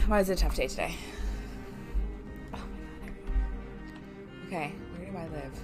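A woman with a deep voice talks at normal speed over music, pausing often. She's streaming a game and chatting casually, swearing freely and frequently teasing herself.

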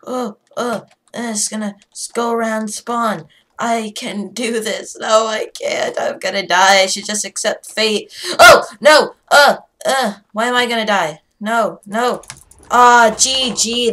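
A woman commentating live on her own gameplay, excitable and frantic, repeating herself when things get tense. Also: mid-range voice, measured pace. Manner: excitable, frantic, repeats phrases under pressure. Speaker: gaming commentator.

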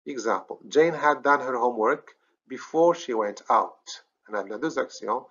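Man, Moroccan accent, English teacher, patient step-by-step explanations, mid-pitched voice, dull lo-fi computer mic. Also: moderate pace, fairly bright tone. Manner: explains step by step, checks understanding with "okay?", corrects himself. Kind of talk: recorded grammar lesson.

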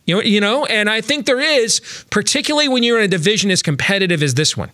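A man's voice: high-pitched, expressive, quick pace, bright, forceful tone, no room sound, studio quality. A man hosting a sports talk show, chatting casually about baseball with lots of fillers and restarts.

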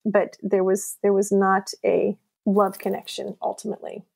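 A woman's voice: medium pitch, normal speed, creaky, husky. A woman writer, a podcast guest, telling personal stories in a casual interview, laughing often and acting out what people said. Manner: animated, laughs often, acts out quoted lines.

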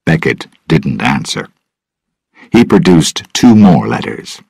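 A man slowly narrating a graded-reader story for English learners. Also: rumbling low, big pitch swings, vocal fry, darkish tone, husky, no echo.

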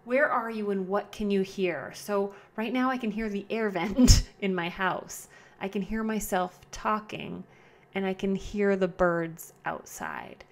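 Recording indoors at home with a camera nearby, a podcast host talks on her own in a medium-pitched voice. Her talk is chatty and casual; she repeats herself, fixes her own wording, and deliberately slows to demonstrate calm breathing.

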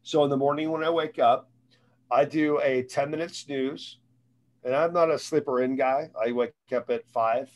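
Male guest, middle-pitched voice, loose casual talker who repeats himself and restarts lines. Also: fairly even intonation, moderate pace. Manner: rambling, repeats words and restarts sentences. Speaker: guest speaker on sales and mindset. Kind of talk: casual conversational advice.

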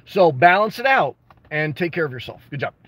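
A man hosting a casual livestream, answering viewer comments with blunt, jokey advice and bursts of excitement. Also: on the high side, brisk, dry recording. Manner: reads and responds to viewer comments. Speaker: livestream host answering chat.

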